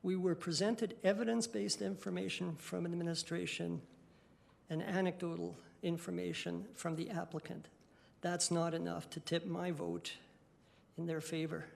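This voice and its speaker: A man with a high, heavily gravelly voice delivers a firm council debate speech. He keeps his pitch fairly flat and argues point by point in a deliberate way. He speaks into a desk microphone in a council chamber. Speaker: city councillor.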